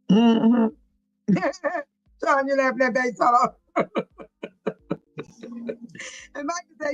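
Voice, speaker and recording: High-voiced woman chatting on a livestream. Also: slow, pauses often, soft background music, poor audio. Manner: emphatic and preachy, repeats herself, laughs often. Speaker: livestream host reading viewer chat. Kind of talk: casual livestream chat.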